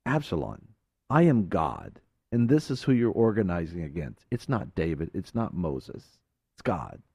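A man putting on the deep, solemn voice of God. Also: big pitch swings, creaky, warm tone, slightly rough, no room sound, clean studio sound, exaggerated voice. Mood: grave. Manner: slow, weighty, commanding.

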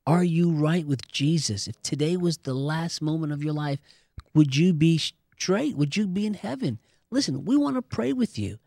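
A man preaches and leads prayer with fervent insistence. His voice sits slightly high, and it is recorded dry and close with no room sound. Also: expressive, normal speed, creaky, darkish tone, no echo. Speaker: host.

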